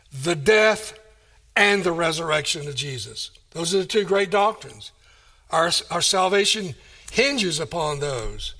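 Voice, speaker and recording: A man delivers a sermon at an unhurried, deliberate pace. His voice sits high for a man, and he presses his points with repeated rhetorical questions. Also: pushed and bright. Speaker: pastor.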